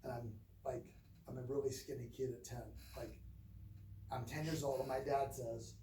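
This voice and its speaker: A man's voice: mid-range voice, level tone, moderate pace, dark tone, a little hiss or hum. A middle-aged man giving a training talk and telling personal stories in a rambling, self-correcting way, heard on a distant mic in a roomy space. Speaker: training speaker.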